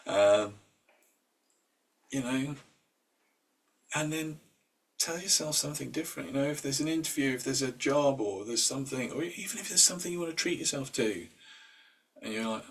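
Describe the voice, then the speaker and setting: A man's voice: mid-range voice, animated, moderate pace, long pauses, husky, recorded from a distance. A man leading an informal mindset workshop. He talks conversationally, with fillers and restarts, and acts out inner voices in quoted asides. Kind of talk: informal talk.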